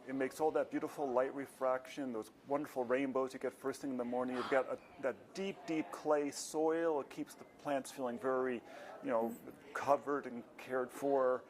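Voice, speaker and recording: A man's voice: mid-range voice, steady tone, normal speed, slight background noise. Man hosting, leisurely and descriptive. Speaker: TV show host. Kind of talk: interview.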